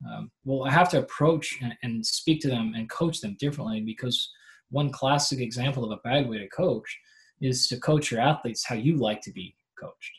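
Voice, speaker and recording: Male coach guest, animated conversational explainer, lots of fillers, mid pitch. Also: moderate pace. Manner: animated explainer, acts out athletes' voices; frequent filler "like" and restarts. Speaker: performance coach, podcast guest. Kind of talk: casual interview conversation.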